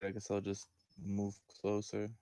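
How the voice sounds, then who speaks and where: A tabletop game player declaring his character's actions in an unhurried, hesitant way. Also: deep voice, completely flat delivery, warm tone. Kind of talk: casual tabletop game play.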